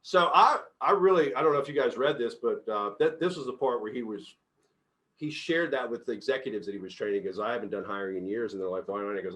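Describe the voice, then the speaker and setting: Animated, laughing middle-aged man. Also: lowish voice. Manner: animated storyteller, laughs often, acts out quotes loudly. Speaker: company CEO leading a book discussion. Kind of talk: casual group book discussion.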